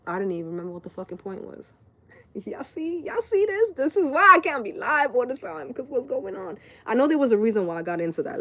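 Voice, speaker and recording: Late-thirties woman, tarot reader, loose profane live-stream rambler, mid-pitched voice. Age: late 30s. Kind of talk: casual live-stream rant.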